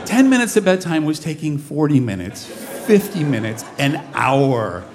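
A man in his forties telling a comic personal story on stage, with a lively, animated delivery. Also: fairly high pitch, normal speed, background noise. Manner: comic, animated, mimics voices in quotes. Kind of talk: live storytelling performance. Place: stage before an audience.

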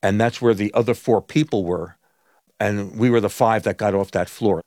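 A man recounting events in an interview in a vivid, deliberate storytelling way. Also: on the low side, steady tone, darkish tone, no echo, studio quality. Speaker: interview guest.

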